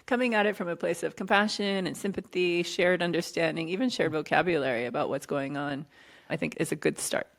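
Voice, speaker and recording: Casual woman podcast host with a gravelly, creaky edge, laughing a lot as she tells stories, chatty and animated. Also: fairly low pitch, fairly quick. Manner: animated storyteller, laughs often. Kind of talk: casual chat.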